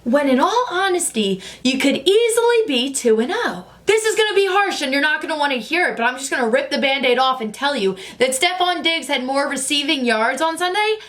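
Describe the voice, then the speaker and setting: A young woman with a high voice vlogging about football in a casual, chatty way. She gushes and gets excitable, spilling her reactions to camera. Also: a little fast, hardly any pauses. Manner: animated, gushing, excitable. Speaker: sports vlogger.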